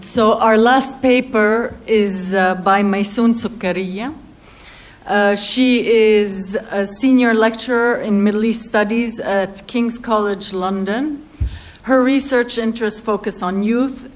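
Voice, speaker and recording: A woman chairing a university panel, introducing the next speaker with frequent hesitations. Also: mid-range voice. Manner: hesitant, many "uh" pauses. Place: lecture hall.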